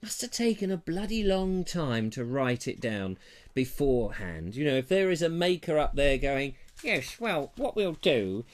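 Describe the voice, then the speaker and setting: A man from England hosts a casual live show, musing aloud and reading viewers' comments with a self-deprecating streak. His pitch sits in the middle but swings widely, so his delivery sounds animated and sing-song. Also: normal speed. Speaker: host of a live online show.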